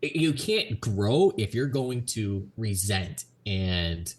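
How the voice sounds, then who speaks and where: A man's voice: on the low side, very animated, slow pace. A man co-hosting a casual podcast, frank and swearing freely as he agrees. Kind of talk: casual profane podcast talk.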